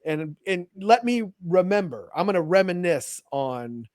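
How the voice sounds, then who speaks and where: A man co-hosting a podcast, chatting in an excited, rambling way. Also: sits high, a little slow, dry recording, studio quality. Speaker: podcast co-host. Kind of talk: casual chat.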